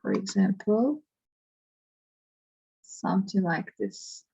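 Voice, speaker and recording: Woman math teacher, unhurried and halting, thinking aloud, on a dull lo-fi recording. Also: mid-range voice, very animated, gravelly, dark tone, breathy edge. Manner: hesitant, thinking aloud with fillers. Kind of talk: slow worked-example lesson.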